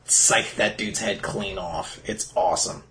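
A man co-hosting a casual chat, excitable and quick to swear while reacting to the story. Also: on the low side, gravelly, a little hiss or hum. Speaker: podcast co-host.

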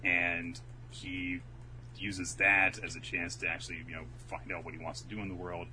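A man chatting casually and rambling through a story recap, acting out quotes in quick voices. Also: low voice, flat delivery, background noise. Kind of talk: casual chat recapping a manga.

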